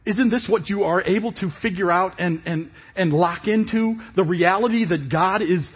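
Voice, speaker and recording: A male pastor preaching a sermon in an animated way, asking many rhetorical questions. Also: sits high, moderate pace, breathy edge, muffled recording.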